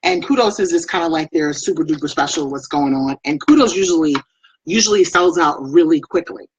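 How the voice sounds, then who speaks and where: A woman's voice: deep voice, a little fast, husky, low-quality recording. A woman doing a chatty, rambling makeup live stream, greeting her viewers by name. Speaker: makeup vlogger and beauty product presenter. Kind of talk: casual live-stream chat.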